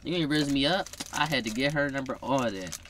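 A young man chats and teases his girlfriend in a bright, forceful voice. He talks casually and playfully, breaking into loud bursts. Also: medium pitch, expressive, fairly quick, slight background noise. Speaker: vlogger. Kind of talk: casual couple chat.

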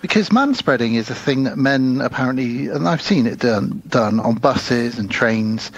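With a mid-range voice at normal speed, this podcast co-host chats casually about a film, retelling its plot with animation and voicing the characters' lines. The recording's high frequencies are cut off.

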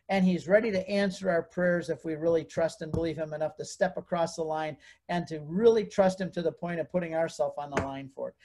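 Animated storytelling man. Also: fairly high pitch. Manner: acts out quoted voices while telling a story. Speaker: guest.

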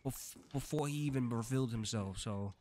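A man hosting a gaming channel, giving casual, excitable let's-play commentary and swearing freely. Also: medium pitch, moderate pace. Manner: chatty and excitable, swears freely, talks a lot when nervous.

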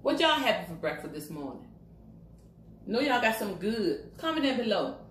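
Her mid-range voice swings widely in pitch and moves briskly as she talks to viewers mid-meal. This mukbang vlogger from Virginia, in her 50s, hums over her food and speaks with her mouth full, recorded in an echoey room with a faint hiss.

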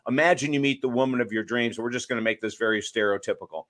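A man's voice: mid-range voice, fast. A man, an author and addiction counselor, talking emphatically in a podcast interview and telling stories to make his points. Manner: emphatic, storytelling, lively asides.

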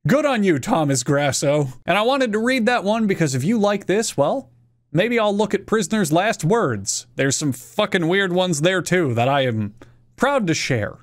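A young man with a high voice delivers comedic commentary. He rants and swears freely, his sarcasm sharp and loud. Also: lively intonation, moderate pace. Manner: ranting, profane, sarcastic. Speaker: YouTube host.

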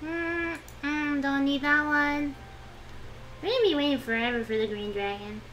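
In this casual game-stream commentary, a young VTuber whines and pleads to herself about what she's doing in the game. She sits high in pitch, speaks at a moderate pace, sounds a bit bright, and slight background noise is present.

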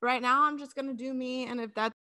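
A woman's voice: sits high, steady tone, a little fast, pushed and bright, dry recording. A woman guest in a casual podcast chat, playful and joking, laughing often.

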